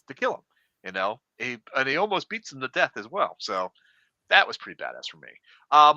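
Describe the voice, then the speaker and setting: A man's voice: medium pitch, bright, forceful tone, no room sound. A man hosting a casual podcast chat, talking eagerly with plenty of fillers. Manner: enthusiastic, filler-heavy. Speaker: podcast host. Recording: slightly dull lo-fi sound.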